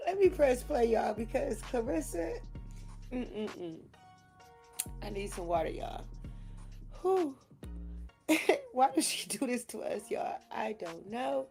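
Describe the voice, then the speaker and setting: A woman's voice: a little high, very animated, measured pace, vocal fry, mellow, soft background music. A woman giving casual gossip commentary, laughing often, swearing freely and acting out what people said.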